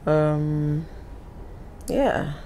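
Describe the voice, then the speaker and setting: Low-voiced Nigerian woman vlogging. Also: drawn-out words, mellow, slight background noise, rough recording. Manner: emotional, tearful and apologetic. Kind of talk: casual vlog talk to camera.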